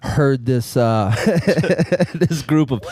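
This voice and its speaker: A man hosting a casual comedy podcast, wry and quick-witted, steering the talk and plugging shows. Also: medium pitch, animated, darkish tone. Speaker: podcast host.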